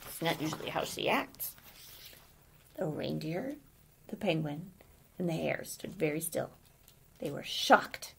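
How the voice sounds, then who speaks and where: A woman reading a children's story aloud gently, pausing to ask the listener questions. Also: low voice, big pitch swings, creaky, slight background noise.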